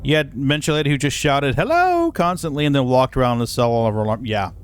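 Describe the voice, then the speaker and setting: A man's voice: medium pitch, steady tone, fast talker, a little hiss or hum. A man livestreaming casual chat while hauling cargo, telling a story in an exasperated, profane way. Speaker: live streamer. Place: in a moving vehicle.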